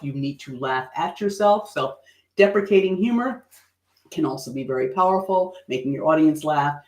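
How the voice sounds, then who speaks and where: Animated woman coaching on public speaking. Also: low voice, roomy sound. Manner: animated and playful, acting out quoted voices with laughs. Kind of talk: livestream teaching on presentation skills.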